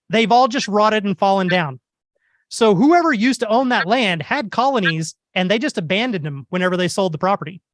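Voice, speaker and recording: A beekeeper speaking at a club meeting, telling a story in an animated, wry way. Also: male voice, high voice, no echo. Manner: animated, wry anecdotal delivery. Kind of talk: humorous storytelling talk.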